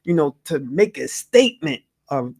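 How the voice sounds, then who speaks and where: A man's voice: on the high side, big pitch swings, moderate pace, darkish tone, breathy edge. A man hosting a casual talk show, playful and slangy, hyping the show. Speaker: host.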